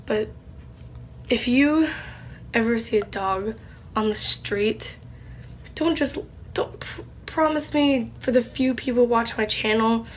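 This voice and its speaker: A young woman, likely a teen, talking in a casual vlog, rambling and halting with many fillers, tearful with a stuffy nose. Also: a little high, slight background noise. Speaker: channel host.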